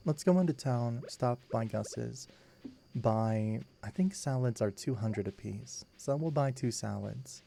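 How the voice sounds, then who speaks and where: Man, low and gravelly, slow soft sleep-time gameplay commentary, very mellow. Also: slight background noise.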